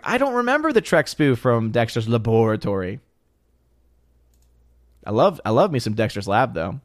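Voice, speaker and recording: A man casually reading and joking about viewer comments on a live stream, in an animated, playful way. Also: medium pitch, moderate pace, pauses often. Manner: animated, jokey riffing on chat comments.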